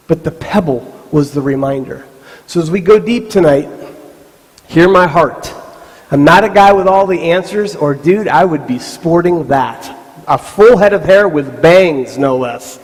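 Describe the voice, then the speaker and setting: A man giving a live motivational talk to a youth camp, telling stories with animated voiced asides. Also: fairly high pitch, a little slow. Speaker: motivational speaker. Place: large hall with live audience. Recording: stage mic in a reverberant hall.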